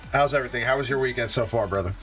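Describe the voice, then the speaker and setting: A man hosting a live online show in casual chat, halting often with fillers and restarts. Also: medium pitch, over music. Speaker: host of a live game stream show.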